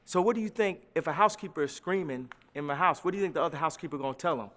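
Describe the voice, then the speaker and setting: A man talking as an interview guest, emphatic and preachy, full of slang, swinging between loud and quiet. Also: on the high side, racing, in a large hall. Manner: religious, uses slang. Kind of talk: animated interview talk.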